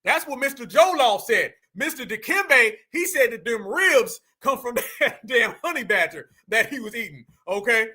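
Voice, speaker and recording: A man hosting a casual livestream, bantering loudly with the chat and eating while he talks. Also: very high-pitched, big pitch swings, moderate pace, hardly any pauses, husky. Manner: loud, bantering, eats while talking. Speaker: livestream host.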